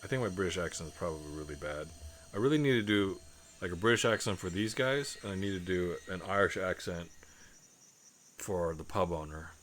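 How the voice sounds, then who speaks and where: A man's voice: low voice, fairly quick, fairly bright tone, slight background noise. A man streaming a video game live, chatting and muttering self-deprecating asides and swearing at the game. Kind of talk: live gameplay commentary.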